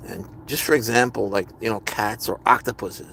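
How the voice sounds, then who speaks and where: A man's voice: on the low side, fairly even intonation, moderate pace, vocal fry, a bit bright, slight background noise. Man rambling casually on a livestream. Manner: rambling, answers viewers' comments. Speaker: livestream host. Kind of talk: casual live-stream chat.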